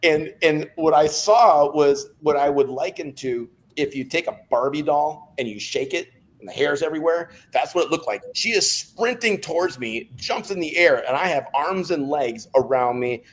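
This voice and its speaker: A man's voice: a little high, normal speed. Joking man telling a story. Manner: lively, jokey, with many restarts. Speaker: podcast guest. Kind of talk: casual storytelling.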